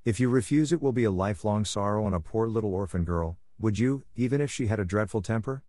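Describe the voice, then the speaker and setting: A man's voice: lowish voice, animated, fairly quick, a little mellow, no echo, clean studio sound. A man voicing an imaginative, talkative young orphan girl in a storybook reading, speaking in a dramatic, effusive and earnest way. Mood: pleading.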